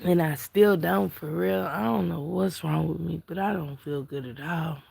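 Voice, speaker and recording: A woman's voice: lowish voice, normal speed, vocal fry, darkish tone, breathy edge. A tired woman hosting a casual live stream, chatting about celebrity gossip and greeting viewers in chat. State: tired, yawning. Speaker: livestream commentator.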